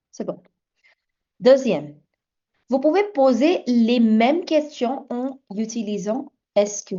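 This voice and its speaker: A woman's voice: fairly high pitch, expressive, measured pace, dark tone. A middle-aged woman teaching French in an online class, switching between English and French. She explains step by step, patiently. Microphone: video call. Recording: slightly dull lo-fi call audio.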